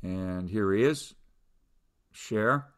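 A man's voice: on the low side, drawn-out words, a bit bright, smooth. A middle-aged man, a philosophy professor, lecturing over a video call in a conversational way with many fillers and restarts. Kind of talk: online lecture.

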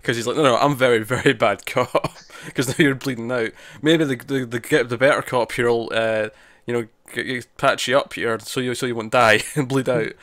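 A man co-hosts a casual review podcast, recorded close and dry with no room sound. His mid-range, a bit bright voice moves briskly with fairly even intonation and few pauses as he rambles through the plot, restarting sentences and voicing characters' lines in quoted asides.

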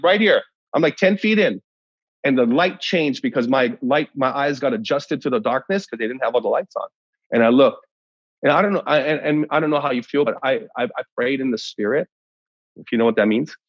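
A middle-aged pastor from Hawaii giving a leadership talk, telling a story in an animated way and acting out the dialogue. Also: male voice, a little high, no echo. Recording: slightly muffled dry sound.

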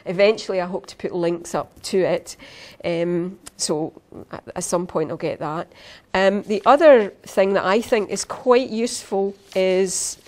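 A woman's voice: medium pitch, unhurried. A middle-aged Scottish woman, an author giving an informal conference talk to teachers, chatty and full of fillers and restarts.

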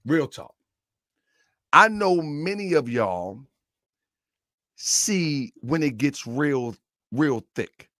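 A middle-aged man hosting a fiery commentary monologue, who yells often, gets excited and laughs between phrases. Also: a little high, extremely slow, long pauses, dry recording, clean studio sound. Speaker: online commentary host.

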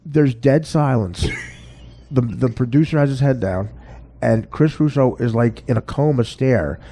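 A man, hosting a podcast and telling stories in casual chat, animated and laughing often. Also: mid-range voice, a little slow, slight background noise. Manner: animated, laughs often, does voices of others. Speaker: podcast host and comedian.

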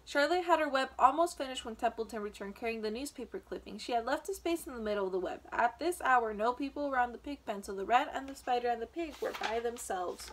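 A woman reads a children's chapter book aloud in a gentle teacher's manner, now and then stumbling and restarting a word. Her voice sits a touch high. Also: expressive, quick pace, few pauses. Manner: gentle, with small slips and restarts.

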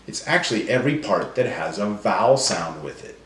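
A man leading a children's phonics lesson, slowly stretching out sounds and syllables. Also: fairly low pitch, expressive, a bit bright, roomy sound, a little hiss or hum. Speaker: teacher. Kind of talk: phonemic awareness lesson for children.

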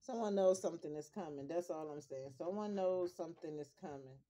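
A woman's voice: on the low side, a little fast, dark tone. A grandmother reading tarot cards casually to her viewers, in a blunt, profane and emphatic way, repeating her points. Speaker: tarot reader.

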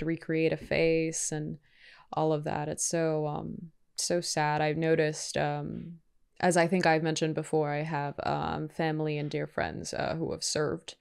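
Excitable woman reacting to a film. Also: deep voice, creaky, clear, resonant tone. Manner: excitable, exclaiming, chatty. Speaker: movie reaction YouTuber. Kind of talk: casual reaction commentary.

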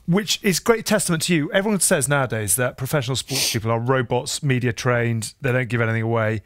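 A man's voice: mid-range voice, quick pace, fairly bright tone, no room sound, clean studio sound. A man hosting a podcast interview who leads the guest with questions. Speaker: podcast host.

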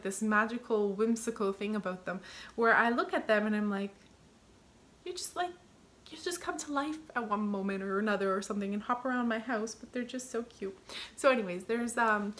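A woman's voice: mid-range voice, a bit bright, slight background noise. A middle-aged woman chatting to viewers as she shows off a store haul, rambling and gushing over cute finds. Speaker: vlogger showing a store haul. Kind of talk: casual chat to viewers.

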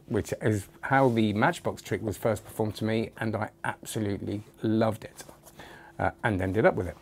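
A man's voice: lowish voice, normal speed, darkish tone. A man giving a casual, rambling review of a magic trick, often breaking off mid-sentence to correct himself. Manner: rambling, self-interrupting.

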